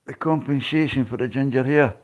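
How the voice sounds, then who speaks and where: A man's voice: mid-range voice, brisk, dull audio. Rambling Scottish man on a livestream. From Scotland. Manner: rambling, swearing, laughs often. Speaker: livestream host. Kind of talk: casual chat to live viewers.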